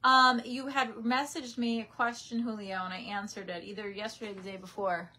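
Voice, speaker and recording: A woman's voice: medium pitch, level tone, fairly quick, sharp tone. Chatty young woman live streaming. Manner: chatty, reads viewer comments aloud. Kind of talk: casual live stream chat. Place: room in her parents' house. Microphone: webcam.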